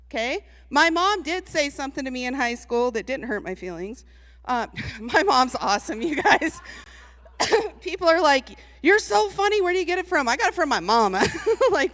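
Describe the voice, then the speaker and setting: A woman giving a lively, comedic motivational talk to a live audience, chatty and teasing, laughing often. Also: sits high. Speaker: speaker at a live event. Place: large hall with an audience. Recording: long reverb from a large hall.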